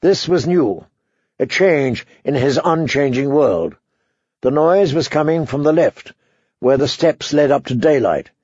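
A man narrating a story as an audiobook reader, in a measured, even way. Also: a little high, breathy edge, dry recording, muffled recording. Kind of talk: scripted narration.

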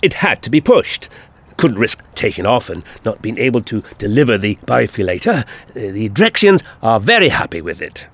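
A man's voice: on the low side, sing-song, normal speed, a bit bright, voice pushed down, exaggerated voice. A man voicing an eccentric time-travelling doctor who hesitates and stammers fussily. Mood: fussy.

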